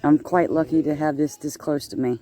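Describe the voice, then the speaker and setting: A woman's voice: low-pitched, steady tone, a little fast, dark tone. A woman, talking casually to her viewers as she films a walk through a swamp on her phone. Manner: chatty, exclaiming at the scenery. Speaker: vlogger. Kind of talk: casual walking vlog. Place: outdoors on a swampy nature walk. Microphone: handheld phone camera. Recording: faint background noise.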